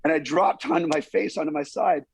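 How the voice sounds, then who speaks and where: The voice is a man's, fairly high and gravelly, moving at a fairly quick pace. He's a stuntman being interviewed as a guest, telling stories in an animated way and acting out what people said to him.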